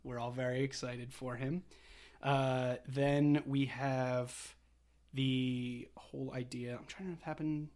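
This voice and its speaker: A man's voice: mid-range voice, level tone, takes it slowly, darkish tone. A young man co-hosting a film podcast, chatting casually and retelling scenes with quoted lines and laughs. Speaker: podcast co-host. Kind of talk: casual chat.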